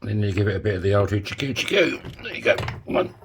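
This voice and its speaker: A man's voice: lowish voice, expressive, fast, slight background noise. A man giving a casual DIY tutorial in his home workshop, chatty and jokey with self-mocking asides. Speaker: coin ring maker.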